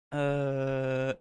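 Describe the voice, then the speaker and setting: A man's voice: mid-range voice, a little mellow, clear, resonant tone. A young man streaming, chatting casually with his viewers, playful and often laughing. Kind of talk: casual live-stream reaction chat. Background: faint music.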